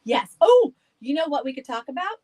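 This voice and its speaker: A woman's voice: high voice, big pitch swings, normal speed, dark tone, low-quality recording. A woman guest on a podcast, chatting casually and rambling with frequent laughs. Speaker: guest, haunted house owner.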